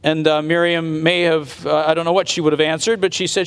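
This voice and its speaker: A man's voice: on the high side, flat delivery, brisk, clean tone. A man preaching a sermon, retelling a Bible story earnestly and speculating aloud about what happened. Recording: long reverb of a large hall.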